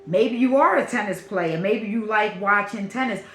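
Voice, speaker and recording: A woman's voice: mid-range voice, normal speed, a bit bright, reverberant, soft background music. A woman from Brooklyn with a Brooklyn accent, giving a channeled spiritual reading in a repetitive, affirming, emphatic way. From Brooklyn, New York. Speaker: spiritual reader.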